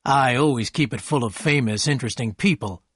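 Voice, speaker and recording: A man voicing a charming, wealthy young gentleman who speaks with eager courtesy, in an audiobook reading. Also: mid-range voice, a little fast, slightly rough, no room sound, studio quality, natural voice.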